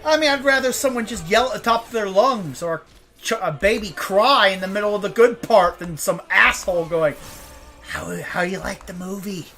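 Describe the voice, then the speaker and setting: A woman streaming a video game, chatting casually with quick jokes, frequent laughter and swearing, sometimes working herself into a mock rant. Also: mid-range voice, lively intonation, a bit bright. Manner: joking, profane, ranting, laughs often. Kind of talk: casual live gameplay commentary.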